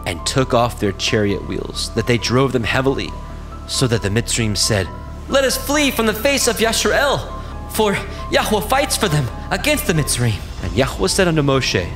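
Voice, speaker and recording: A man reading scripture aloud in a slow, measured recitation. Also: mid-range voice, very animated, over music. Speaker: scripture reader.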